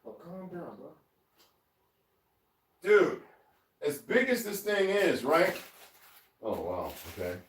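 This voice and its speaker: Searching around his home kitchen, this vlogger talks casually to his audience and his cat, laughing frequently in a rambling style. His slightly high, sing-song voice moves slowly with long pauses, recorded from a distance in a roomy space with faint noise.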